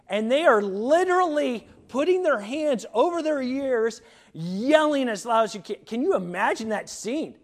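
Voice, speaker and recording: A man's voice: very high-pitched, lively intonation, a little slow. A middle-aged man, a pastor, preaching a sermon in a conversational way, with many fillers and restarts.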